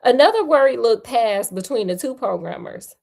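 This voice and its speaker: A woman's voice: a little high, lively intonation, moderate pace, vocal fry, darkish tone. A woman hosting a livestream read-aloud, narrating a story and breaking off for joking, chatty asides. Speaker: storyteller host.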